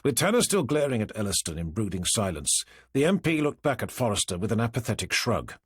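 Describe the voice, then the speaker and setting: A male narrator reading a crime novel aloud in a measured, dramatic way. His pitch moves expressively and his voice has a husky texture. The sound is dry and close. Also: very animated, no room sound. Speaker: audiobook narrator. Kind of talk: scripted narration.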